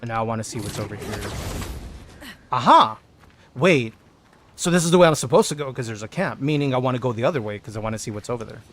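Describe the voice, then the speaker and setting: A man's voice: mid-range voice, expressive, fast talker, a bit bright, a little hiss or hum. Chatty man streaming a game. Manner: chatty, thinks aloud, talks to chat. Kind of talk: casual gameplay commentary.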